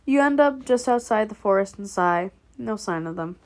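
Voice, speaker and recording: A woman's voice: mid-range voice, animated, moderate pace, a little hiss or hum. A young woman casually reading a fan story aloud, laughing often, swearing and breaking off to react. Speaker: fanfic reader.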